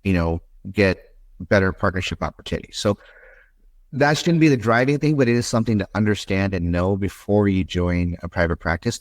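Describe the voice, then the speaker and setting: A man's voice: low-pitched, no echo. A man hosting a medical podcast, talking in a candid, rambling, conversational way. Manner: rambling, candid, with asides and restarts. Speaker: podcast host, interventional endoscopist.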